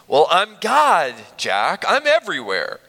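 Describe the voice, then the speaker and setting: A preacher voicing God, calm and firm. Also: male voice, on the high side, a little slow, gravelly, long reverb tail, exaggerated voice. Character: calm, patient God speaking from above.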